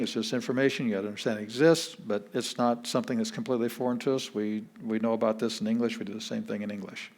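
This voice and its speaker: A man, a pastor, teaching an introductory Greek class in a relaxed, chatty way, repeating words slowly to show how they are said. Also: mid-range voice.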